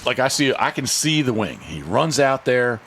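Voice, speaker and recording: A man hosts a relaxed podcast, recounting events in a lively, rambling way. He circles back, restarts sentences and drops into little voices for the people in his story. His voice sits in a middling register, with a faint background hiss. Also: medium pitch, moderate pace. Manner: animated storyteller, repeats words, frequent restarts; acts out other people's lines in hushed or shifted tones. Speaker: podcast host and dog handler. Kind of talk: casual podcast chat.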